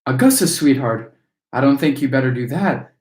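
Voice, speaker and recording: A man voicing a shrill, panicky mother, read aloud in an echoey room. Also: expressive, moderate pace, close to an everyday voice. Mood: fretful.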